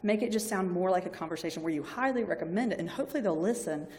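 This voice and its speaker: A woman from the US South, on the library staff at a university, gives students a loose, talkative lecture, often slipping into the voices of patient and doctor for short bits of dialogue. Her voice sits on the low side and is a little mellow, with lively intonation and a racing pace. The recording has a long reverb tail.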